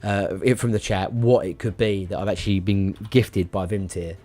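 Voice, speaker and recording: Male streamer, lowish voice, rambling and stammery, casual swearing. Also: steady tone, normal speed, dark tone. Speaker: live streamer. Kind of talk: casual live-stream chat.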